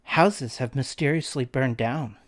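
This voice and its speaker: A man voicing an excitable teenage girl. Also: mid-range voice, a little slow, no echo, studio quality, natural voice. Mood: eager. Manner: eager, then hushed.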